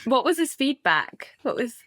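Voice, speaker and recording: Animated woman telling stories. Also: sits high, normal speed, no room sound, soft background music. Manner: animated storyteller, laughs often. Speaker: podcast co-host. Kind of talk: casual storytelling chat.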